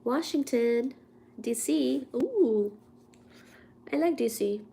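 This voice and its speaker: A woman's voice: sits high, animated, slow, creaky, mellow, slight background noise. A woman hosting a casual livestream while congested with a cold, chatty and laughing at herself between coughs. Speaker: livestream host.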